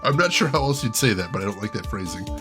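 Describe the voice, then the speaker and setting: A man hosting a let's play, reacting with jokes and frequent laughs while he greets chat. His pitch swings widely. Faint music plays under him. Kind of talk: casual game commentary.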